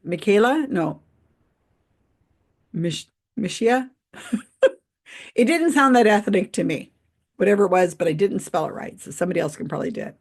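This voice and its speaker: With a husky mid-range voice and lively intonation, the host speaks at a normal speed but pauses often. She chats skeptically on her livestream, frequently laughing while reading out what viewers write.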